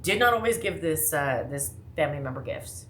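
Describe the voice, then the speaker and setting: A woman from the American Midwest talking casually to her viewers, rambling fast with lots of asides and self-interruptions. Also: deep voice, expressive, fairly bright tone, a little hiss or hum. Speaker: vlogger. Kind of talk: casual monologue to camera.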